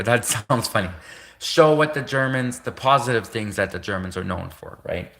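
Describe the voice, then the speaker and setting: Guy rambling on a livestream, loops back and repeats himself a lot, bright edgy tone. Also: medium pitch, expressive, a little fast. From Canada. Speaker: livestream host. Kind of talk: rambling casual monologue.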